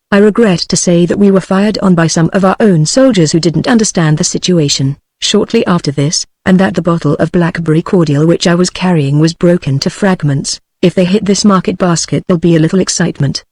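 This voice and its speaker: A text-to-speech woman's voice with a British English accent, reading a novel aloud in an even, steady way. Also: lowish voice, no room sound. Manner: even, steady synthetic delivery. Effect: synthetic text-to-speech voice. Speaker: audiobook narrator.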